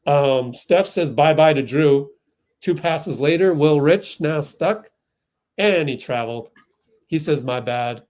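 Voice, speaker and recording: Excitable man calling a game live. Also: fairly high pitch, slow. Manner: excitable, outraged at the refs. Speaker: fan livestream host. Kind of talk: live play-by-play commentary.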